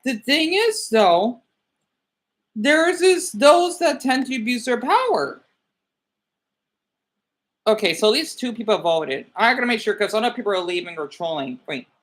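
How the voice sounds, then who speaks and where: A man's voice: extremely high pitch, sing-song, unhurried, long pauses, a bit bright. A man livestreaming commentary and reading viewer comments aloud. He rambles, sounds irritable, and often stumbles and repeats words.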